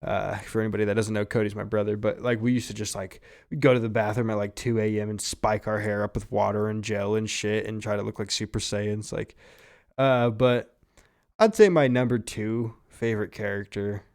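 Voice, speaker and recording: A man's voice: lowish voice, fairly quick. Casual young man swearing on a podcast. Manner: swearing, laughing, animated retelling. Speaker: podcast co-host. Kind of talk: casual chat.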